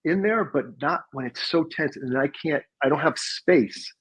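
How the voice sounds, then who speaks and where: A man's voice: fairly high pitch, unhurried, fairly bright tone, slightly rough, poor audio. A man who is a podcast guest with a sales career, talking in a reflective, casual way and laughing as he tells his stories. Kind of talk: casual conversational storytelling.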